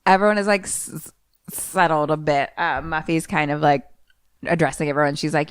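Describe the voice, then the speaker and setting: Lively storytelling woman, clear and dry. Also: sits low, moderate pace, dry recording. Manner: animated retelling with acted-out quotes and swearing. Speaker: podcast co-host. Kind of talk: casual movie recap.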